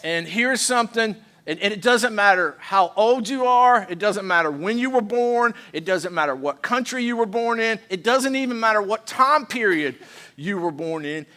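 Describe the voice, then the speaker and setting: Lively high-voiced pastor preaching. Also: male voice, normal speed. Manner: lively, playful, leads call-and-response with the congregation. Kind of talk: sermon. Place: church sanctuary.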